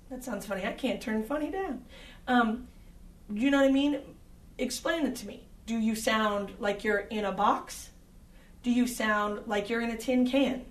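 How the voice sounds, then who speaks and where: Female sound tech giving blunt, casual advice to singers; fairly high voice, recorded far off in a reverberant room. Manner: direct, conversational with frequent fillers. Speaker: audio engineer. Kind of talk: instructional talk.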